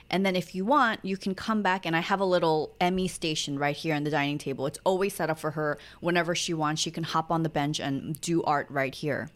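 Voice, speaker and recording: A young adult woman co-hosting a podcast, chatting candidly about family life and bringing each moment to life by acting out what was said. Her voice sits fairly low for a woman. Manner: candid, chatty storytelling with acted-out quotes. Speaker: podcast co-host. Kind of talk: casual chat.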